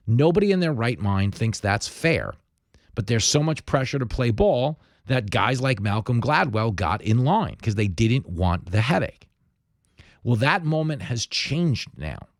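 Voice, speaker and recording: Guy ranting on his podcast, very lively pitch, punchy, dead dry sound. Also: no echo. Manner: emphatic, animated storytelling. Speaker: podcast host. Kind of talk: opinion commentary.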